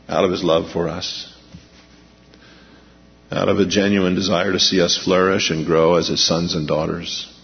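A man preaching a sermon as pastor, emphatic, slowing down to read scripture and pressing key points. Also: lowish voice, vocal fry. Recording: muffled lo-fi with long hall reverb.

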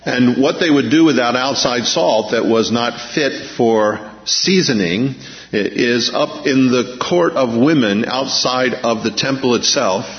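A man preaching a sermon as pastor, emphatic, slowing down to read scripture and pressing key points. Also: mid-range voice. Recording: muffled lo-fi with long hall reverb.

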